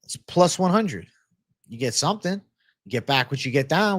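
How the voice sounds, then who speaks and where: Casting: male live-stream host, slightly high voice, dry close sound, foul-mouthed and rambling. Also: very animated, moderate pace, a bit bright, no room sound. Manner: profane, rambling, flares into ranting. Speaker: livestream host. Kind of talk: live betting-picks stream talk.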